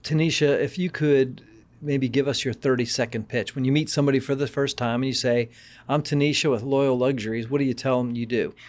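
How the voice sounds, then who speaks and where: A man hosting a podcast interview, encouraging his guest with quick affirmations. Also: medium pitch, steady tone, a little mellow. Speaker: podcast host. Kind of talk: casual interview chat.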